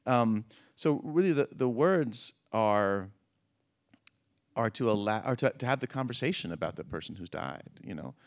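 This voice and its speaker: Halting middle-aged man in conversation. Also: on the low side, lively intonation. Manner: halting, repeats words, laughs often. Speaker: guest. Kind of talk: conversational interview.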